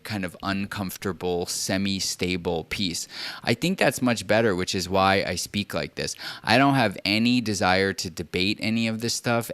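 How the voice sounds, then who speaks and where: A man's voice: deep voice, fairly bright tone, smooth, no echo. A man streaming live, ranting bluntly in a casual monologue full of swearing.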